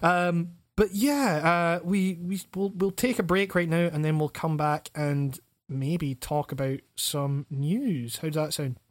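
A man's voice: a little high, unhurried, few pauses. A man hosting a casual podcast chat, swearing and restarting his sentences. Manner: swearing, stammering restarts, laughing often. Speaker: podcast host.

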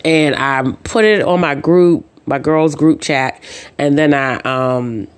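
A woman's voice: sits low, takes it slowly, smooth. A woman hosting her own podcast, telling personal stories in a casual, chatty way and acting out the back-and-forth of her conversations. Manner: chatty storyteller who acts out dialogue; says "um" and "uh" often. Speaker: podcast host. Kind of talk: casual chat.

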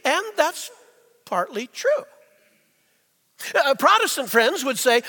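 A male pastor delivers a sermon in a very high, bright voice. He leans on rhetorical questions and stretches out key phrases, dropping to near-silence and then rising again. The sound carries a long reverb from the church hall. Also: big pitch swings. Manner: rhetorical questions, slows for emphasis, swings between quiet and loud. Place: church sanctuary.

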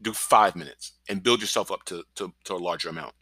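A male pastor giving an encouraging podcast sermon, energetic and often checking in with "right?". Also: low-pitched, a little fast, breathy edge, dry recording. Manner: energetic, keeps asking "right?".

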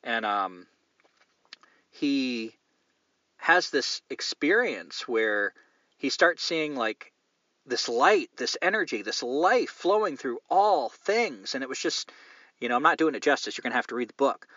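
A man's voice: medium pitch, sing-song, measured pace, sharp tone, no echo, lo-fi sound. A man hosting a podcast, reading listener mail and chatting in a candid, meandering, profane way. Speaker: podcast host.

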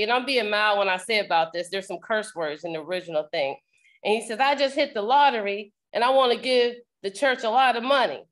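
A woman with a somewhat high voice leads her congregation's show in a loose, sermon-like way. She repeats key phrases and circles back over her words, often restarting mid-thought. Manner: repetitive, preacherly, frequent restarts. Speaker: podcast host leading a congregation. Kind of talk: informal sermon-style talk.

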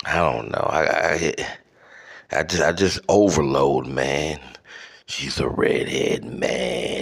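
Brief: deep-voiced male host, slow and rambling, cursing through a comic monologue. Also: gravelly. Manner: rambling, profane, halting. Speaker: podcast host. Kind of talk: comedic solo rant.

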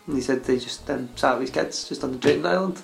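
A man's voice: mid-range voice, fast talker, gravelly, faint music behind. A young man, co-hosting a podcast in casual, blunt and sweary chat. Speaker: podcast co-host.

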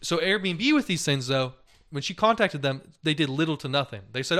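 A man's voice: on the high side, lively intonation, fairly quick, bright, forceful tone. Chatty young man with loose filler talk. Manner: loose and chatty, heavy on "like" and "dude", laughs often. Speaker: podcast co-host. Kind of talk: casual chat, retelling news stories.

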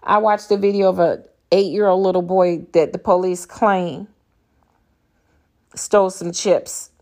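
An older woman with grown children and grandchildren podcasts alone, ranting in an angry, blunt and profane monologue. Her voice is lowish and a little mellow, with a steady tone and measured pace.

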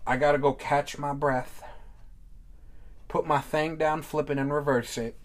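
A man's voice: on the high side, steady tone. A man hosting a podcast, joking around and plugging friends with profane, hyped chatter. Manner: profane, joking, hyped, fast run-on plugs. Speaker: podcast host. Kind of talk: casual podcast banter.

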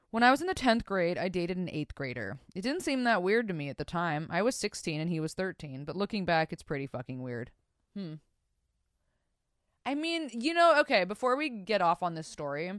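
A woman's voice: on the low side, dry recording, studio quality. A young woman hosting a podcast, reading listener stories aloud and reacting to them with lots of swearing and laughter. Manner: profane, animated, laughs and comments while reading stories aloud. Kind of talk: casual podcast chat.

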